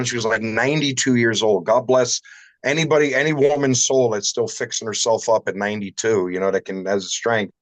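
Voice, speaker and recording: Man, glass shop owner, casual livestream chat, rambling and salty, low voice, dry sound. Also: fairly quick, no echo, rough recording. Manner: rambling anecdotal storyteller, salty language. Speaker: shower door shop owner.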